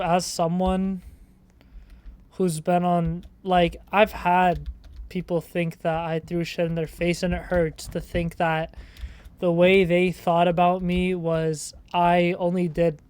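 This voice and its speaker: A man's voice: high-pitched, smooth. A young man giving casual gameplay commentary, rambling in slang with sudden startled outbursts. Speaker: gaming streamer.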